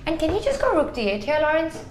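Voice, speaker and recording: A woman commentating chess who calls out moves in a brisk, sure manner. Her voice is slightly high. It is recorded in a roomy space with a faint hiss. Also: huge pitch swings.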